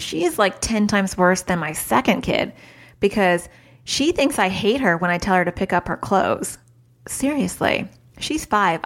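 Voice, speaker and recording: A woman in her thirties hosting a parenting podcast, talking casually, chatty and self-mocking, mixing advice with stories from home, into a studio mic. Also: medium pitch. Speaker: podcast host and parenting coach.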